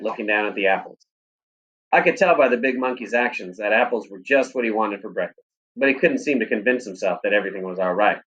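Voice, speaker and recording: Man reading a novel aloud, steady. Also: mid-range voice, lo-fi sound. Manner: steady, plain storytelling delivery.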